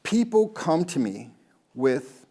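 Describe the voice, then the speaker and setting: A man's voice: fairly high pitch, sing-song, slow pace, mellow. A man, a golf pro, giving a rambling motivational talk to a live audience, telling stories and asking the crowd questions.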